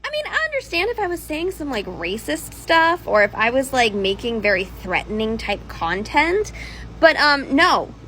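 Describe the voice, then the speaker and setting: Bright, lively young woman, defensive. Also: high-pitched, moderate pace, a little hiss or hum, poor audio. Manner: defensive, hesitant with fillers. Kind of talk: casual social media video.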